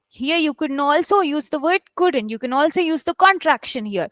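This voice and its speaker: A woman with a high voice runs a live online English lesson, talking her students through reading aloud. She fills her talk with okays and calls them guys, stretching out words to show stress. The sound is dry and close, with no room around it. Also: expressive, normal speed, few pauses, no echo, rough recording. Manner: chatty, addresses students as guys, many okays. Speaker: English test instructor. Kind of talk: live online class teaching.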